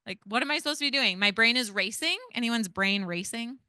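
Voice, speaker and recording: A woman in her thirties leads a parenting workshop in a loose, chatty manner, tossing in "like" and "right?" as she goes. Her voice is bright and crisp, smooth and clear. The sound is dry and close. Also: on the high side, animated, a little fast, dry recording. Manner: casual, chatty, many "like" and "right?". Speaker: parenting educator leading a training. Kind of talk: interactive workshop talk.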